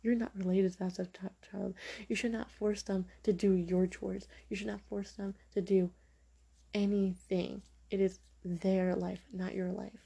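A woman's voice: mid-range voice, flat delivery, measured pace, creaky, dark tone, husky. A young woman hosting a podcast, speaking frankly and opinionatedly in a casual monologue full of fillers. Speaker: podcast host.

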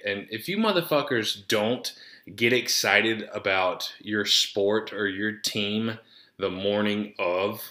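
Man, casual rambling podcast monologue, lots of swearing, lowish pitch, roomy echo. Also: sharp tone. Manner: profane, rambling, easily sidetracked. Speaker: podcast host.

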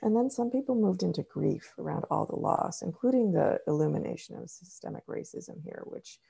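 Brief: middle-aged woman therapist, gravelly and dark-toned, measured interview answers. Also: on the low side, lively intonation. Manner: measured, explanatory, frequent ums. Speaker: therapist and author.

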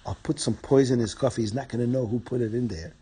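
A man's voice: mid-range voice, mellow, slightly rough. A man playing a scheming, pushy viceroy. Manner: pushy, fast, threatening. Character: scheming power-hungry male viceroy.

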